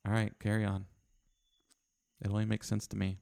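A man's voice: on the low side, completely flat delivery, normal speed, creaky, darkish tone, dry recording. A man co-hosting a podcast, bantering and teasing his co-host in a stubborn, argumentative way. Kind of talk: casual banter.

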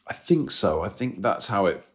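This is a man in his forties with a lowish voice. He talks candidly and haltingly, breaking off and restarting his sentences. There is an emotional, self-deprecating edge to how he tells his stories. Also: sing-song, fairly bright tone. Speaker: guest. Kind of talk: candid conversational storytelling.

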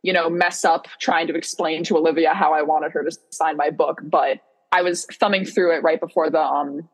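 A woman's voice: low-pitched, steady tone, normal speed, husky. A young woman on a video call telling a story in a casual podcast chat, acting out quoted lines and laughing often. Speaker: podcast guest co-host.

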